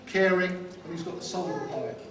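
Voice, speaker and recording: A man's voice: high-pitched, fairly quick, crowd noise. A man from London giving a wedding speech to the guests, delivering wry jokes and punchlines. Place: wedding reception hall. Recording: distant mic in echoey room with loud ambience.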